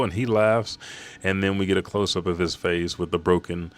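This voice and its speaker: A man's voice: sits low, level tone, normal speed. A man casually recapping a manga chapter, rambling and swearing as he goes.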